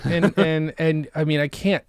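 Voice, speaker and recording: A man's voice: a little slow, smooth, dry recording, studio quality. A man in his thirties co-hosting a comedy podcast, joking around in casual banter and laughing often. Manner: animated, giggly, riffs into silly high voices. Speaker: podcast co-host.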